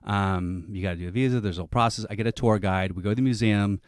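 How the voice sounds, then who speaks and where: Low-voiced man, rambling comic storyteller. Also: fast talker, smooth, dry recording, studio quality. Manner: rambling, self-interrupting storytelling with restarts. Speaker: comedian telling a story.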